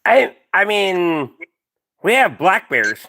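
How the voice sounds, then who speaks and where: A man in his forties with a Canadian accent, hosting a live stream in excitable, stammering casual chat. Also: high-pitched, slow pace. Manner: stammering, excitable, laughs a lot.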